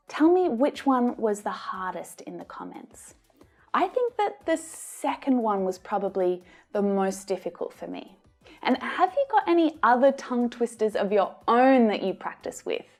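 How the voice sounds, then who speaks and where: An Australian woman gives an English pronunciation lesson. Her voice sits fairly high and she speaks very slowly, modelling each sound with care. Soft music plays faintly behind her. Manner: slow, careful modelling of sounds. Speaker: English teacher.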